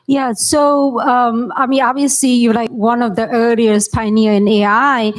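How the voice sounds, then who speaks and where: A woman's voice: a little high, little pitch movement, normal speed, poor audio. A woman interviewing a guest onstage, asking questions in a casual, slightly unpolished way.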